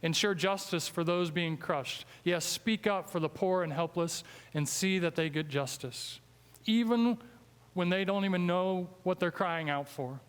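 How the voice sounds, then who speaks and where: A man with a Midwestern American accent preaches a sermon in a church sanctuary, his voice a little higher than most and clear and smooth. He sounds earnest and emphatic, and he slows down for scripture. A long reverb trails each phrase through the hall. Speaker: guest preacher.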